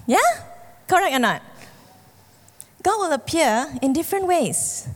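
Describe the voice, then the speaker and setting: A woman preaching a sermon, telling stories and acting out the characters with lively shifts of voice. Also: measured pace. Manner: animated storytelling, acts out characters with shifting pitch. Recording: long hall reverb.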